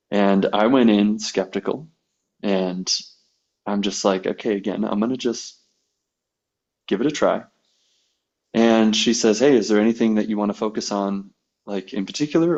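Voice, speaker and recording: A man with a fairly low voice tells a personal story in relaxed podcast conversation, slipping into the voices of the people he quotes. The recording is a bit dull and lo-fi. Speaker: podcast guest, massage therapist.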